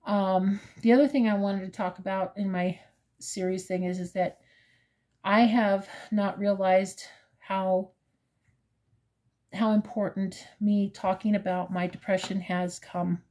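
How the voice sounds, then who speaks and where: A woman in her fifties, talking in a casual personal vlog with a hesitant, halting manner full of fillers, earnest and openly emotional. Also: mid-range voice, fairly even intonation, dark tone. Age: 50s. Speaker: crochet vlogger.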